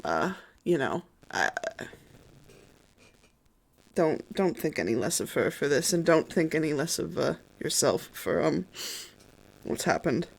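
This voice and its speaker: A game master voicing a nervous, kindly young man in a tabletop role-play, with halting, stumbling speech full of fillers. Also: mid-range voice, lively intonation, creaky, husky, exaggerated voice. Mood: reassuring.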